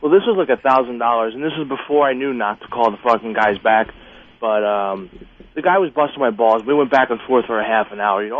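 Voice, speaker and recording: Man, radio caller, crude brash storytelling, fast, phone-line sound. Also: mid-range voice.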